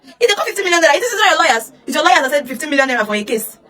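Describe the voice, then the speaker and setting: A woman's voice: high voice, sing-song, very fast, pushed and bright. A young Nigerian woman with a Nigerian accent, ranting heatedly online, scolding with rhetorical questions. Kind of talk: emotional social media rant.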